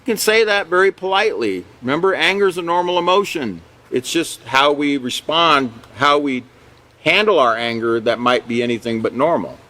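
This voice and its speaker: A man leads a live character education class, talking it through conversationally. His voice sits a little high for a man. He checks in with "okay" and "you know" and chuckles now and then. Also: animated, normal speed, bright, forceful tone.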